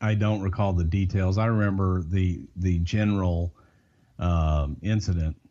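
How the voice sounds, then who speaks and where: Gruff, low-voiced man on a dull line. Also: fairly even intonation, measured pace, dark tone. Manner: hesitant, gruff, swearing. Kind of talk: casual chat. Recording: dull, lo-fi sound.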